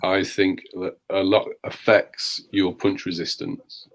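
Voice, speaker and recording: Deep-voiced man giving measured opinions. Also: level tone. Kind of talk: casual talk show discussion.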